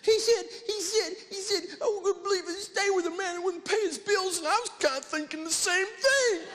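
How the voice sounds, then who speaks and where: A man putting on the voice of his crying wife in a high, shrill, sobbing shriek during a live talk. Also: normal speed, noisy background. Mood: distraught. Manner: shrieking, sobbing half-laughing. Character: frantic crying young wife, woman. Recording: long hall reverb.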